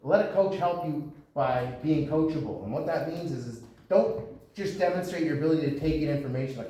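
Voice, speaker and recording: A man's voice: fairly high pitch, brisk, dark tone, a little hiss or hum. A man from Canada, a boxing coach giving his fighters a blunt talk about speaking up, in a gym. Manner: blunt, lecturing. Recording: echoey gym from far off.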